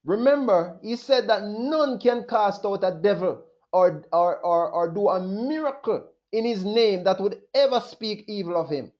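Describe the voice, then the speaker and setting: A man's voice: sits high, measured pace, hardly any pauses. A man preaching a sermon, emphatic and repetitive, often acting out the questions of others. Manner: emphatic, repeats phrases, voices questions of others. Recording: dull lo-fi recording.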